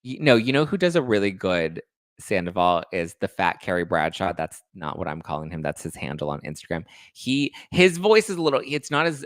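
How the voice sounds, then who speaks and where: A man hosting a casual chat show, talking in a gossipy, animated way. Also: fairly low pitch, no room sound, clean studio sound. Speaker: host.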